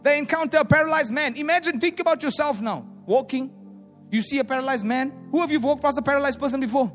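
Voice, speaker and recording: Quick-paced and animated, this sermon comes from a male preacher with a high voice that booms around a big reverberant hall, faint music playing beneath. He acts out what doubters might say and alternates between loud declarations and hushed remarks.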